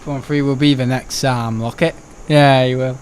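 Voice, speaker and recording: A man's voice: mid-range voice, steady tone, moderate pace, slight background noise. A young man, chatting casually and rambling on a live stream, swearing and laughing often.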